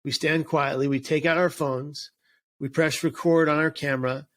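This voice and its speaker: A man's voice: fairly high pitch, fairly even intonation, normal speed, fairly bright tone. A man speaking as an interview guest and suicide prevention speaker, earnest and emphatic, often restarting and repeating words. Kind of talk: casual interview chat.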